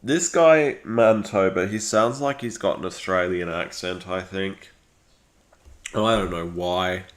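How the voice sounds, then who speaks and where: A man's voice: low-pitched, a little slow. A man giving casual live-stream commentary, rambling with lots of fillers and restarts.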